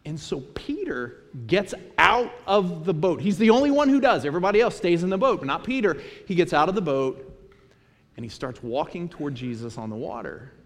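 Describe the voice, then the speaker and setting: A man preaching a sermon, his voice sitting a little high. He tells scripture and childhood stories in an animated way. A long hall reverb trails his words. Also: fairly quick. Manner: storytelling, animated retelling of scripture. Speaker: pastor.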